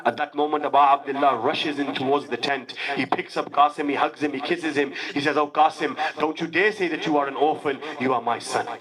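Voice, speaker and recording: Male preacher, high-ish voice, grieving sermon storytelling, congregation audible. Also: steady tone, fairly quick, few pauses, a crowd in the background, rough recording. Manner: storytelling sermon that drops low and soft, then rises to a loud wailing climax. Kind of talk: Muharram sermon narration.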